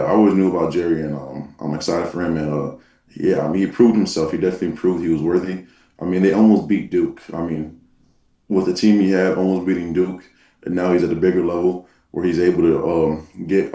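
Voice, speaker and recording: A young man, a football player, being interviewed in a relaxed way, with plenty of fillers like um and nah. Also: deep voice. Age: young adult. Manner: laid-back, uses fillers like um and nah. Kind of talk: casual interview chat. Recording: echoey, distant call audio.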